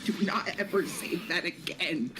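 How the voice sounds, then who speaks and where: A man's voice: a little high, moderate pace, bright, forceful tone. A man joining a game stream as a guest, chatting casually and laughing a lot, repeating himself for emphasis. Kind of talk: casual gaming stream chat. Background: faint game music.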